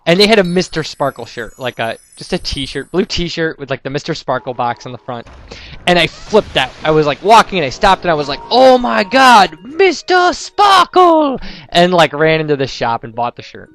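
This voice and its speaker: A man's voice: a little high, expressive, fairly quick, a bit bright. Chatty, rambling young man commentating a game. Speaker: let's play commentator. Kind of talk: casual gameplay commentary.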